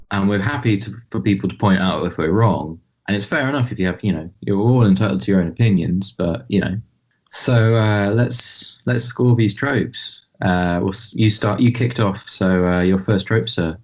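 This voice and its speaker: A deep-voiced man talks through a film on a casual podcast, rambling and animated. The recording is slightly dull and lo-fi. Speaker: podcast co-host.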